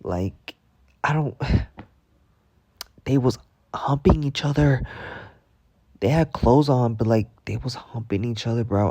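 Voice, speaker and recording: A young man spins a storytime rant at an unhurried drawl, his low voice full of gravelly fry. The tone is dark and mellow, and he plays up the drama with slang and plenty of swearing. The sound is dry, as if close to the mic. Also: no echo. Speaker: storytime vlogger.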